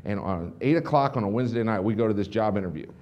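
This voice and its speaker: A middle-aged man on a conference stage, telling an energetic keynote story to a business audience and acting out the dialogue. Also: fairly low pitch, fast, dull audio, a little hiss or hum. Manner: animated, acts out dialogue with restarts and asides. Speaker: motivational speaker presenting to a business audience.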